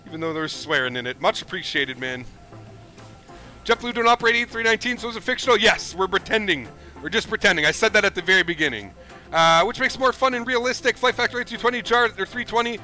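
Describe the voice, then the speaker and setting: Talking fast in a high, animated voice that sounds pushed and bright, this flight-sim streamer reads viewers' chat aloud and thanks them over soft background music. He keeps it casual, upbeat and chatty, calling everyone "dude."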